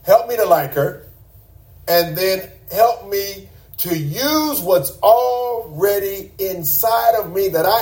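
A man's voice: high-pitched, a little mellow. A man preaching a sermon to a congregation in a church, emphatic and repeating words for stress.

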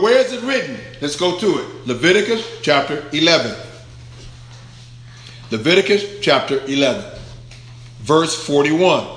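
A man's voice: a little high, a bit bright, roomy sound. A man preaching a verse-by-verse Bible sermon, emphatic, stretching key words out and putting questions to the congregation. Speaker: pastor.

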